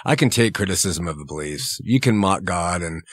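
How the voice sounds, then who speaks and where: A middle-aged man, a guest in a studio interview, speaking frankly and relaxed. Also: sits low, moderate pace, slightly rough, no room sound. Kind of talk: casual interview talk.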